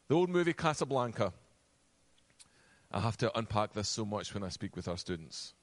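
A man preaching a sermon, animated, acting out quoted voices, and dropping to a soft, low voice for emphasis. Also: normal speed. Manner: acts out quoted voices and asides.

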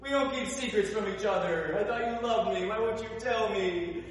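A man's voice: normal speed, far from the mic, natural voice. A man voicing a coaxing, nagging biblical seductress who pleads and shrieks alarms, heard from afar in an echoey hall. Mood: pleading. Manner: wheedling, pleading, then shrill alarm.

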